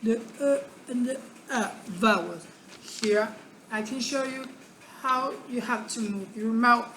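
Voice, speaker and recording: A woman teaching a pronunciation lesson, speaking deliberately and repeating words to show how they sound. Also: on the high side, a bit bright, slight background noise. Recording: echoey room with faint background ambience.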